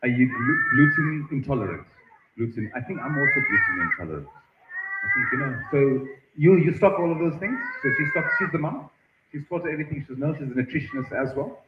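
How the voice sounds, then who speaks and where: A man hosting at a festival tent, chatting with and teasing visitors in a lively way. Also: fairly high pitch, a little fast. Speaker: event host interviewing visitors. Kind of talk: roving live-stream banter. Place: busy outdoor festival tent. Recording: echoey, muffled stream audio with crowd noise.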